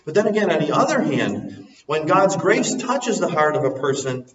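A man preaching a sermon, dropping soft and low, then rising loud and emphatic. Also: big pitch swings, moderate pace. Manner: swings from soft and low to loud and soaring, sings a hymn line. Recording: echoey hall, recorded from a distance, muffled.

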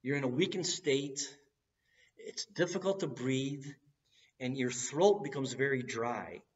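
Male preacher, unhurried earnest sermon delivery, recorded from a distance with a dull sound. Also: mid-range voice. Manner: earnest, building to cries at key moments.

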